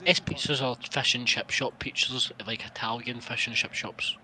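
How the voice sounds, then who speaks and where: A man's voice: mid-range voice, fairly even intonation, moderate pace, a crowd in the background, low-quality recording. A Scottish man co-hosting a stream, bantering bluntly and swearing freely. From Scotland. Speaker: stream co-host. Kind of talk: casual chat.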